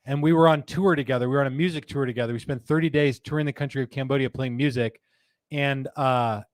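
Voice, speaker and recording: A man's voice: medium pitch, fairly even intonation, fast, dry recording, studio quality. A middle-aged man hosting a live podcast, chatting casually, laughing often and reading viewer comments aloud. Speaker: podcast host. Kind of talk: casual live-show chat.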